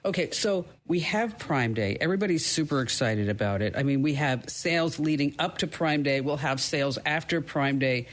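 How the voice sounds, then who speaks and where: A woman's voice: sits low, animated, moderate pace, hardly any pauses. A woman hosting a podcast interview who talks in a chatty way, with storytelling asides. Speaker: podcast host.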